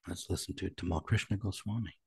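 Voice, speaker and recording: A very deep, gravelly and husky male host speaks in a measured, explanatory way. He introduces recorded clips. The sound is dry and close. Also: steady tone, warm tone, dry recording. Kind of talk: podcast interview.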